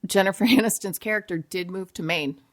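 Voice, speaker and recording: A woman in a relaxed podcast chat, talking freely and often making fun of herself. She speaks at an ordinary mid pitch, like a former morning TV presenter trading stories. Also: brisk. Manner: chatty and self-mocking. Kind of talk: casual chat.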